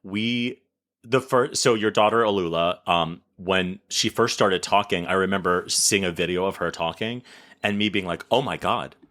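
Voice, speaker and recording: A man in his thirties hosting a podcast, animated and self-mocking, swearing freely in casual chat. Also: low voice, normal speed. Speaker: podcast host.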